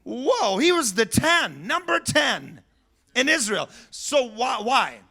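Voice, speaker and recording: A male pastor delivers a sermon from the pulpit with an animated, storytelling manner. His voice sits high and sounds bright and forceful. He laughs along with his own stories and acts out the people in them. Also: slow pace, vocal fry. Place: church sanctuary.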